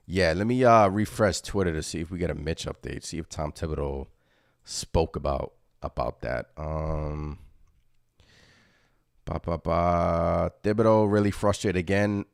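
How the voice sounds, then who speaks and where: A man's voice: low voice, animated, normal speed, no echo, studio quality. A young man hosting a fan postgame show, ranting in a frustrated, repetitive way and reading out viewer comments. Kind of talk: casual solo postgame rant reading viewer chat.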